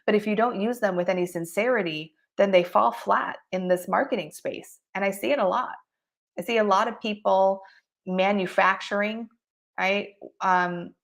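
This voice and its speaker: Woman, marketing coach, online lesson, expressive, emphatic, laughs often, mid pitch. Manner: expressive, emphatic, acts out examples; laughs often between points.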